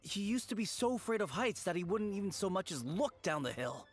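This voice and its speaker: A caring young friend; light, high, sincere. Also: male voice, very animated, fairly quick. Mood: earnest. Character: earnest young man, caring childhood friend. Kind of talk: video game dialogue. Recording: game audio with faint music.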